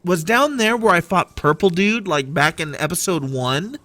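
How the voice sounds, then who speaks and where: Animated, bright-voiced male game streamer. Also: high voice, normal speed. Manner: rambling, playful, self-deprecating. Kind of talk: casual gameplay commentary.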